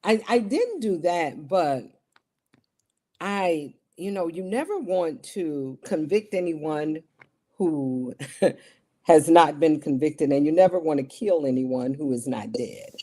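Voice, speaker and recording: A woman's voice: deep voice, expressive, takes it slowly, mellow. Earnest middle-aged woman broadcaster. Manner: earnest, emphatic, repeats key phrases. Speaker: TV broadcast journalist and guest. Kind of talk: interview conversation.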